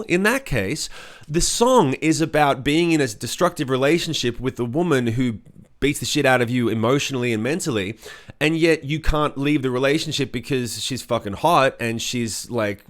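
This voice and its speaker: A man co-hosting a podcast, a rock singer telling a studio story in a casual, profane, animated way. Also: mid-range voice.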